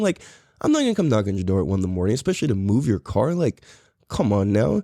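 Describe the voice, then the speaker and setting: Male podcast host, young adult, swings his pitch wide, dark mellow tone, dry close sound, cussing rant. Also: fast talker, dry recording. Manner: profane, animated, exasperated storytelling. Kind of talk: casual storytelling rant.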